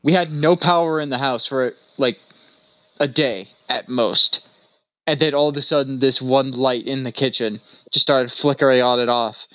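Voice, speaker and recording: A man's voice: mid-range voice, normal speed, fairly bright tone, clean tone, no room sound. A man co-hosting a podcast in casual chat, a loose, rambling storyteller who laughs often. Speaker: podcast co-host. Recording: dry, slightly dull recording.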